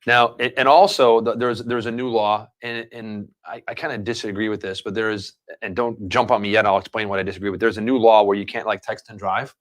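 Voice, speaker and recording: Fast-talking man rambling through stories. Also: fairly low pitch, level tone. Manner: rambling anecdotal storyteller. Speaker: livestream show host. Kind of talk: casual live-stream chat.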